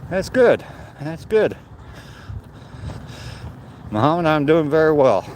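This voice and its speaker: An older man, chatting in a relaxed, rambling way on a live walk and greeting viewers by name. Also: fairly high pitch, slow, a little hiss or hum. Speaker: vlogger walking and reading chat. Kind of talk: casual chat on a live walk. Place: outdoors on a walk.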